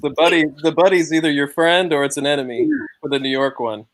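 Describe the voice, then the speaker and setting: A male co-host joking deadpan in a casual comedy chat on a video call. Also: a little high, fast talker, no room sound.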